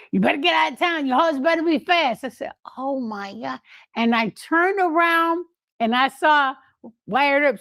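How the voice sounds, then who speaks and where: An older woman telling lively anecdotes in a casual way, laughing often and acting out what others said. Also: sits high, dry recording. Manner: animated, laughing, acts out quoted voices. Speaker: guest storyteller.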